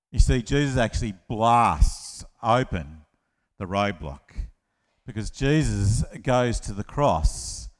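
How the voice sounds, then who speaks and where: A man preaching a lively children's-talk sermon, telling the story with playful asides and acted-out voices. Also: mid-range voice. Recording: long hall reverb.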